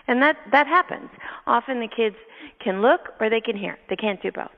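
Woman, storytelling host, lively, gravelly voice, tinny phone line. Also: on the high side, brisk. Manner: lively, laughs often, acts out her own thoughts. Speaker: neurotherapist and podcast host. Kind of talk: storytelling in casual chat. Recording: tinny phone-line sound with long reverb.

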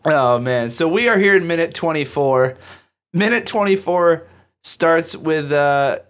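A man's voice: a little high, animated, a little slow. A man hosting a podcast, chatting casually about a film in a rambling, self-deprecating way full of fillers, a little tipsy. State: has been drinking. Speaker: podcast host.

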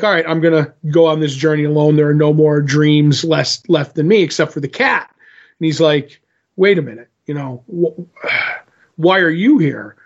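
A man's voice: on the high side, muffled recording. A man co-hosting a podcast, casually recapping a comic with many restarts and loosely acted dialogue. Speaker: podcast co-host.

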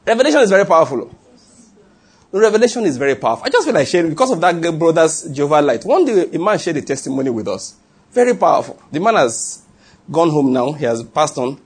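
A man with a Nigerian accent, preaching a sermon and telling stories, animated and laughing, with call-and-response. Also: on the high side, fast talker, husky. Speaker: pastor. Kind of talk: sermon with storytelling.

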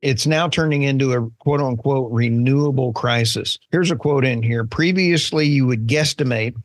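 A man with an Oklahoma accent co-hosting an energy news podcast, talking in a folksy, joking, animated way. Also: medium pitch, moderate pace, no room sound. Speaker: podcast co-host. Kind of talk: casual chat.

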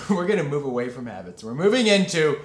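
A man hosting a podcast in casual chat, talkative and quick to laugh. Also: fairly high pitch, reverberant, a little hiss or hum. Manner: chatty, laughs easily, lively delivery. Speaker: podcast host.

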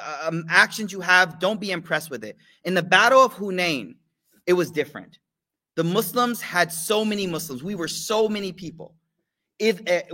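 A man with a high, sharp voice leads a live study circle, delivering a casual sermon in slang. He poses questions to the audience and weaves in recited religious phrases.

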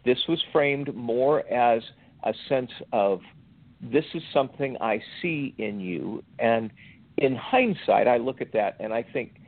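A man's voice: medium pitch, lively intonation. Older man telling a faith story over thin, phone-like audio. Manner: slow, reflective, halting with fillers. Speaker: podcast guest.

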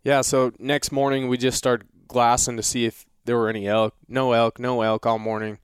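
Guy rambling thru a story on a podcast, smooth clear voice, dry studio sound. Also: medium pitch, flat delivery, no echo. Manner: rambling, restarts often, drawn-out retelling. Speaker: guest hunter. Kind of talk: casual storytelling.

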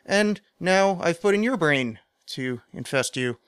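A man's voice: on the high side, expressive, measured pace, a bit bright, clean tone, no echo. A man hosting a solo podcast, chatting casually in a rambling, self-mocking way with lots of fillers. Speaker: podcast host.

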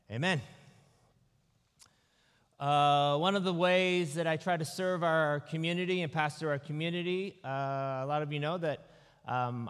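A male pastor preaching a sermon, telling personal stories in a relaxed way with self-deprecating humor. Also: on the high side. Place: church sanctuary. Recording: long reverb of a large hall.

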